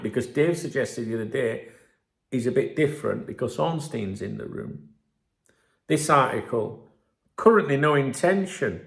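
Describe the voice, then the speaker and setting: Speaking in an echoey room, a man hosting his channel reads out analysis with casual, animated commentary. He keeps asking "right?" to check in, and his voice runs a little high.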